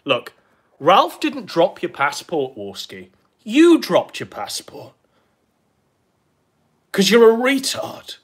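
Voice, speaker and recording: A man's voice: sits high, huge pitch swings, slow, pauses often, slightly rough. A man giving crude, profane, mocking commentary on clips, sneering and taunting. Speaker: online commentator.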